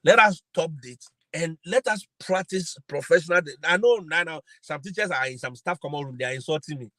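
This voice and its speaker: A man giving advice on a live stream. He sounds preachy and insistent and keeps repeating his points. His voice is bright and forceful, a little higher than most men's, and recorded dry and close. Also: a little fast, dry recording, low-quality recording. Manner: preachy, emphatic, repeats phrases. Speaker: host giving advice to teachers.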